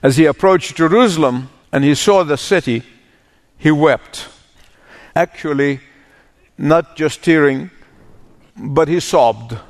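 A man's voice: fairly high pitch, takes it slowly, pauses often, big-room sound. A male pastor preaching a sermon and reading scripture, stressing his points through repetition. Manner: emphatic, repeats phrases for weight.

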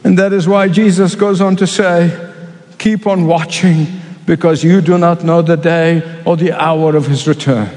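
A man preaches with fervour, his voice sitting high for a man. He drives his points home by repeating them. The sound rings with a long hall reverb, as in a church sanctuary. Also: fairly even intonation, moderate pace, a little mellow. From Middle East. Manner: impassioned, repeats key phrases for emphasis. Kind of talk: sermon.

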